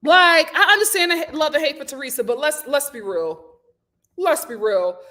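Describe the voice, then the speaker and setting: A woman's voice: high-pitched, animated, moderate pace, sharp tone. A woman hosting a casual reality TV recap, talking in a sassy, slangy, opinionated way. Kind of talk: casual live recap chat.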